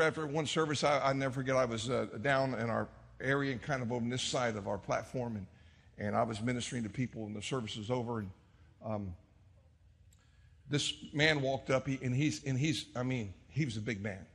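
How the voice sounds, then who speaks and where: A middle-aged man preaching in a church sanctuary with a bright, husky voice pitched a little high. He tells stories, drops to a hush, then builds up to shouts. The hall gives his voice a long reverb. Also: a little fast. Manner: storytelling preacher, swings from hushed to shouting. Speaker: pastor. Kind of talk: sermon.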